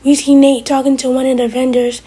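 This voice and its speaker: Breathy woman recapping a TV episode. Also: sits high, little pitch movement, fairly quick, mellow, rough recording. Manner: chatty retelling, quoting characters loosely. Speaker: TV episode reviewer.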